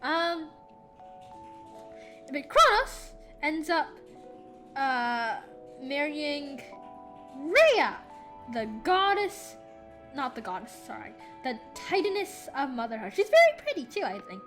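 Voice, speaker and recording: A woman retells a story while drawing, wandering off track and correcting herself as she goes. Her voice is high and very lively, swooping up and down, with faint music behind. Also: slow pace, long pauses. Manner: rambling, self-correcting, easily sidetracked. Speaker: storyteller and artist.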